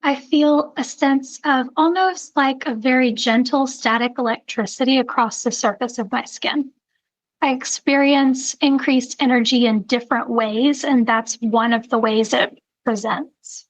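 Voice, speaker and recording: A woman's voice: high-pitched, steady tone, measured pace, dry recording, poor audio. A woman from South Carolina with a Southern accent, speaking earnestly as a guest in a coaching conversation. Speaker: guest, intuitive reader.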